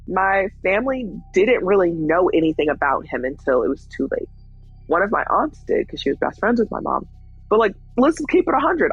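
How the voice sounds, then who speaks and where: A woman's voice: mid-range voice, big pitch swings, a little fast, breathy edge, no room sound, dull audio, faint music behind. A woman in her thirties telling her own story in a frank, candid way, blunt and swearing at times. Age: 30s. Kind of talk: personal storytelling.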